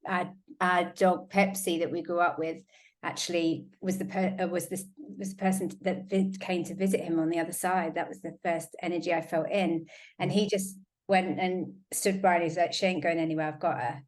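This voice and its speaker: A woman hosting a casual chat, telling stories in an animated way and often quoting herself. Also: lowish voice, moderate pace. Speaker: host.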